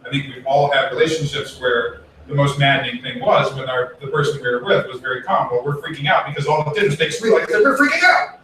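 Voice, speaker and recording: A man giving a relaxed, conversational Buddhist sermon, telling a story and acting out the people in it. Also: medium pitch, fast talker, hardly any pauses. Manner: chatty, acts out quoted voices, swears casually. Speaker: Buddhist minister. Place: temple hall. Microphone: distant room mic. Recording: very echoey hall, from far off, faint room noise.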